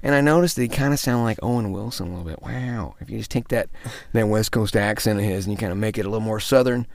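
A man working as a voice actor and impressionist, telling stories in a casual interview, chatty and quick to laugh. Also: fairly low pitch, no echo. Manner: chatty, laughs often, acts out quoted voices.

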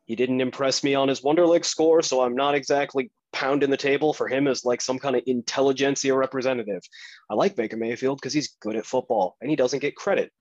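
A man's voice: medium pitch, no room sound, muffled recording. A man hosting a podcast, delivering a blunt, profane, combative sports rant. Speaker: podcast host.

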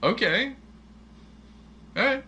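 A man's voice: very high voice, animated, takes it slowly, bright, forceful tone, dull audio, a little hiss or hum. A man co-hosting a casual movie chat, asking eager, jokey questions. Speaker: podcast co-host.

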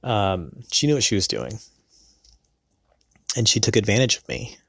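A man speaks in a lowish voice, slow to find his words and stopping often with filler sounds. His tone stays earnest and low-key. The sound is close and dry, with no room around it. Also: big pitch swings, creaky, fairly bright tone, slightly rough, dry recording. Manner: hesitant, many pauses and filler sounds. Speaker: person recounting a past marriage. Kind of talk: personal storytelling.

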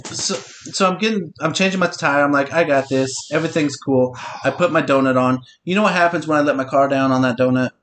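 A man's voice: on the high side, fairly quick, fairly bright tone, slight background noise. A middle-aged man hosting a podcast and telling a long story in a casual, profane, teasing way. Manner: profane, teasing, talks to his listener directly. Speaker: podcast host.

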